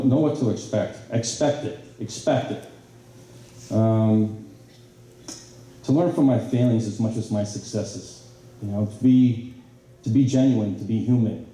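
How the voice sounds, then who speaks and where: A middle-aged man giving a banquet speech, telling stories in an animated way with many fillers and restarts. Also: medium pitch, slight background noise. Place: banquet hall. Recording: very echoey hall from a distance.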